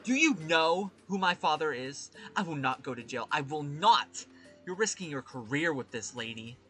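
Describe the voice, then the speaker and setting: A man's voice: on the high side, big pitch swings, moderate pace, fairly bright tone, faint music behind, voice pushed up. A man voicing a spoiled teenage boy who defends himself with self-righteous defiance. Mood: bratty.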